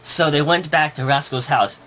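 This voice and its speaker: A man's voice: fairly high pitch, moderate pace. Giggly man improvising a puppet story. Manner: giggling, rambling, making it up as he goes. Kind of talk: improvised comic puppet narration. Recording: noisy home recording.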